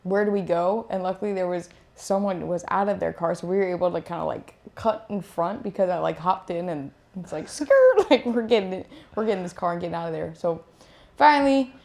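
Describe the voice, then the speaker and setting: A woman's voice: brisk, vocal fry. A young woman, a pro beach volleyball player, casually telling a travel story with lots of fillers and acted-out quotes. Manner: animated, acts out quotes in higher voice; many fillers, "like" and "I'm like".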